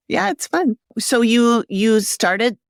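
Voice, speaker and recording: A woman's voice: fairly high pitch, expressive, slow pace, gravelly, no echo, clean studio sound. A woman hosting a podcast, who chats casually and asks rambling questions between laughing asides. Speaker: podcast host. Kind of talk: casual interview chat.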